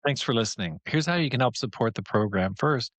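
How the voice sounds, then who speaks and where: A man's voice: mid-range voice, lively intonation, fairly quick, a bit bright, no echo. Male podcast host, devotional teacher; earnest, conversational, encouraging, mid-range voice.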